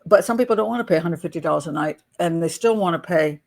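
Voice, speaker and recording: A woman's voice: on the low side, quick pace, creaky. An older American woman chatting and telling stories as an advice vlogger, laughing often and restarting her sentences. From United States. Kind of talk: casual storytelling.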